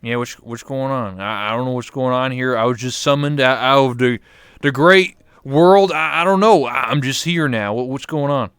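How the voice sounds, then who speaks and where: Man putting on a loud hillbilly drawl. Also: medium pitch, moderate pace, clear, resonant tone, no room sound, clean studio sound, natural voice. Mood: boisterous. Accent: put-on Southern hillbilly. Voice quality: drawling, keeps saying brother. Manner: boisterous, loud. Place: VR chat room.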